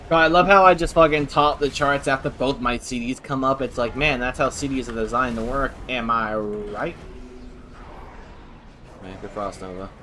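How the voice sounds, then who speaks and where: Young male streamer, bright forceful tone, casual and profane, light background hiss. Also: mid-range voice, a little fast, few pauses. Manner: casual, swearing, exasperated. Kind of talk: live gameplay commentary.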